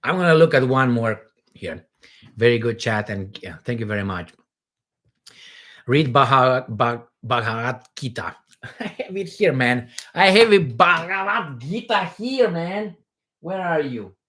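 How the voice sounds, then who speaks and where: A man from Romania, hosting a casual livestream Q&A in a rambling, animated way from home. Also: medium pitch, unhurried. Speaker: livestream host.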